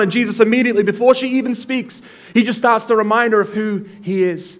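A male pastor preaching a sermon, retelling a story in an animated way and calling on the congregation to join in. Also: high-pitched, fairly quick.

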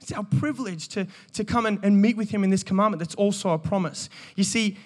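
A man, preaching an energetic sermon and joking with the congregation. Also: sits high, fast. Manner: animated, joking, calls out to the congregation. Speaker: pastor. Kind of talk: energetic sermon with audience banter.

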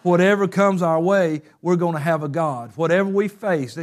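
Fervent preacher man, higher voice. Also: normal speed, hardly any pauses. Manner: preachy, builds to fervent shouts. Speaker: pastor. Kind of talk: sermon.

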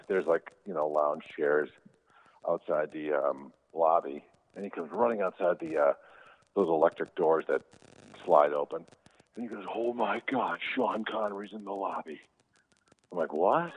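A man's voice: extremely low pitch, normal speed. A man, an actor, telling easygoing, rambling anecdotes as an interview guest, with many fillers. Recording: tinny phone-like sound.

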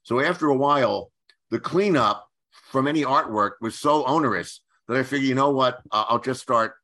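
Bright-voiced older man telling stories. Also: mid-range voice. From Philadelphia area, USA. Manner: halting, with many restarts and fillers. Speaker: guest screenwriter. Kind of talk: anecdotal storytelling.

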